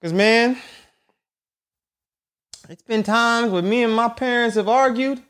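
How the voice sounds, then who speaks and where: A young man hosting a podcast, telling a story in an animated, profane, slang-heavy solo rant. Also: very high-pitched, slow pace. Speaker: podcast host.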